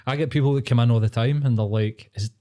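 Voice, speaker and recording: A Scottish man hosting a podcast, telling stories in a blunt, sweary, deadpan way. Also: medium pitch, fast talker. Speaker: podcast host. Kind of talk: casual chat.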